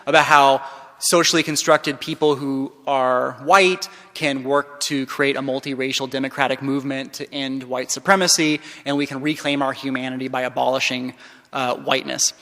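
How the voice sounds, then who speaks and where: A man giving a conference keynote, telling a story with passion, dropping to a hush and then rising loud. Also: medium pitch, level tone, normal speed. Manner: impassioned, shifts from hushed to loud. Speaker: keynote speaker. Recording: long hall reverb.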